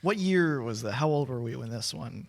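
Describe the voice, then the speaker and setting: A man's voice: mid-range voice, lively intonation, normal speed, creaky. A man in his late twenties co-hosting a casual podcast, joking and rambling with many restarts. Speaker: podcast co-host. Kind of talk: casual chat.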